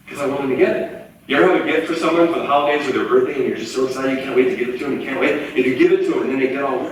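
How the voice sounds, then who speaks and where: Middle-pitched man in his forties, keynote speaker, lively storyteller, room reverb and faint crowd ambience. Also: rapid-fire, a little hiss or hum. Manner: animated storytelling, acts out quoted voices. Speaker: motivational speaker. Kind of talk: live keynote talk. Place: large auditorium. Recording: echoey hall from far off, faint ambience.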